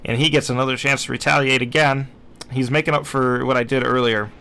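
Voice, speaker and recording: Bright-voiced man narrating a game replay. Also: mid-range voice, fairly even intonation, brisk, creaky, a little hiss or hum. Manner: chatty, self-deprecating, acts out his own past thoughts. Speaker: gameplay commentator. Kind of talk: casual game replay commentary.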